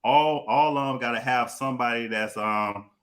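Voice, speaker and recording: A man hosting a relaxed comic book chat, talking loosely and circling back on his words. His voice is bright and forward. He keeps an easy, conversational pace. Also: mid-range voice, moderate pace. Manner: loose, repeats himself, animated. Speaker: podcast host.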